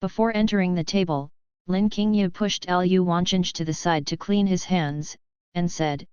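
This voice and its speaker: A woman narrating an audiobook novel in a steady, unhurried reading voice. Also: on the low side, clean tone, no echo, dull audio.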